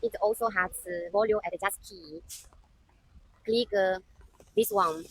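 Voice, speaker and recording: A woman's voice: mid-range voice, sing-song, unhurried, vocal fry, low-quality recording. A woman testing a wireless lavalier mic outdoors in heavy rain, explaining each step plainly as she goes. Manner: plain, instructive, walking away and calling back. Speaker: product tester. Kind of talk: product demo livestream. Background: faint traffic and rain noise.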